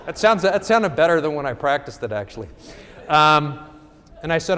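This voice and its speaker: A man's voice: fairly high pitch, expressive, a little fast, fairly bright tone, in a large hall. A middle-aged man presenting at a talk, telling a wry story in a conversational way with frequent check-ins to the audience.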